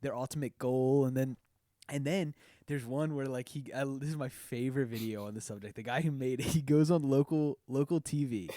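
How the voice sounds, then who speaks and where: A man hosts a casual podcast, laughing as he goes and stringing thoughts together with many fillers. His pitch sits in the middle for a man. The sound is dry and close to the mic. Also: fairly even intonation, a little fast, mellow, no room sound. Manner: giggly, rambling with many fillers. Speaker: podcast host.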